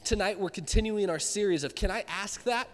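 Young man, youth sermon, animated storyteller, high-pitched, long hall reverb. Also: fairly quick, faint music behind. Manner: animated storytelling, acts out his own reactions. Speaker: youth pastor. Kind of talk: youth sermon with personal stories. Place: church hall with live audience.

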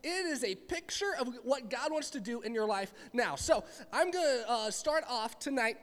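High-voiced youth pastor in a reverberant hall. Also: male voice, lively intonation, moderate pace, a bit bright. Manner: chatty, joking, rambling asides. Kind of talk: casual youth sermon. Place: church hall with live audience.

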